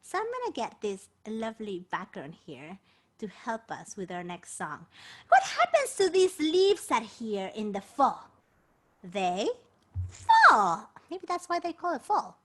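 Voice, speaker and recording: Hosting a bilingual children's program, this female entertainer speaks at a moderate pace in a fairly high voice. She chats playfully with a puppet cat and the kids watching, full of animation.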